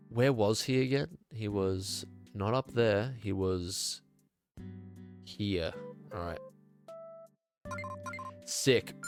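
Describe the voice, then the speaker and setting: A young man streaming a video game, congested from a cold, chatting casually to his viewers with sarcastic, mock-outraged asides. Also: mid-range voice. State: congested, sick. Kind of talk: casual gaming stream chat.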